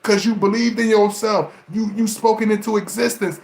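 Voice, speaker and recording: Brief: gravelly man, preachy and teasing vlog rant, somewhat high voice, roomy echo. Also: normal speed, hardly any pauses, slight background noise. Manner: animated, preachy, mocking, laughs often. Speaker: relationship advice vlogger. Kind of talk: casual monologue to camera.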